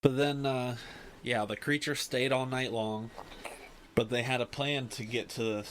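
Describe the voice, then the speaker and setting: A man's voice: mid-range voice, fairly even intonation, a little slow, a bit bright, a little hiss or hum, poor audio. A man hosting a podcast, recapping casually with lots of fillers. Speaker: podcast host. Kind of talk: casual chat.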